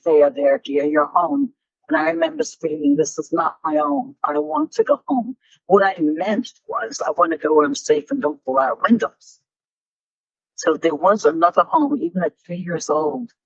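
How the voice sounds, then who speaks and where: An older woman, a guest speaker, tells animated stories in a Q&A talk, acting out the voices of people in her anecdotes. Her mid-range voice has vocal fry and a slightly rough edge. The recording is dull, lo-fi and dry, with no room sound.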